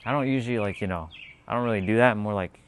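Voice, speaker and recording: Rambling man with a low voice. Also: rapid-fire, a little hiss or hum. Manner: rambling, filler-heavy, laughs easily. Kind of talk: casual chat, reading viewer comments.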